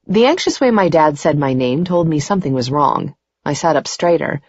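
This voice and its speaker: A woman's voice: low-pitched, animated, moderate pace, a little mellow, no room sound, lo-fi sound. A woman narrating a first-person romance audiobook in an intimate, emotional way. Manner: intimate, emotional, rising to tearful in dialogue.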